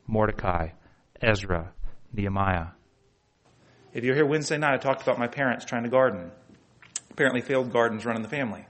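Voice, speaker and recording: A man preaching a fervent sermon, firing rhetorical questions at the congregation. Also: medium pitch. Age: adult with children. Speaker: pastor.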